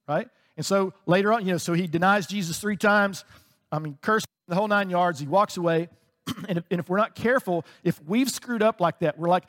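A high-pitched man preaches in a loose, conversational way, often laughing between his points. His voice carries a long reverb, as if recorded in a large hall. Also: brisk, fairly bright tone. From United States. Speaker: pastor. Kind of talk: sermon.

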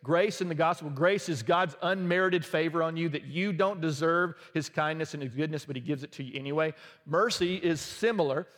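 Conversational pastor in a reverberant hall. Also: male voice, a little high, a bit bright. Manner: conversational, humorous preaching with quick asides. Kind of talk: sermon.

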